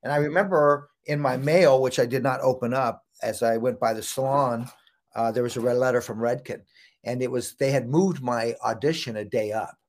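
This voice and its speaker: Gravelly-voiced man telling a story. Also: medium pitch, normal speed. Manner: lively storyteller who acts out quoted voices. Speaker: guest, hairdressing educator. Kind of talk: casual anecdote telling.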